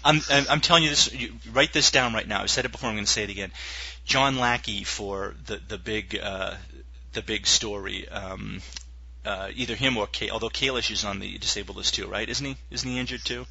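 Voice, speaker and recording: A man co-hosting a podcast in casual chat, excitable and joking loudly, with many stammered restarts. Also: fairly low pitch, a little fast, gravelly, slightly rough. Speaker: podcast co-host. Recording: dull lo-fi podcast audio.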